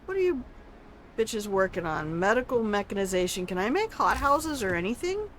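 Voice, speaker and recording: An older woman streams a video game, giving casual gameplay commentary while she chats with viewers in a salty, teasing way and swears freely. Her medium-pitched voice swings widely in pitch at a normal speed, with slight background noise.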